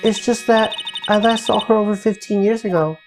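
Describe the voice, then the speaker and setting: A woman on a stream voicing a lively young female spirit medium from a game, earnest in manner. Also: medium pitch, moderate pace, close to an everyday voice. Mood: wistful. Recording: game music playing clearly behind.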